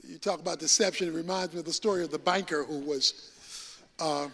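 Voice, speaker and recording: A man's voice: fairly high pitch, fairly even intonation, brisk, fairly bright tone. A man preaching a sermon with rising emphasis and folksy storytelling before a congregation. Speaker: pastor. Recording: reverberant hall recording.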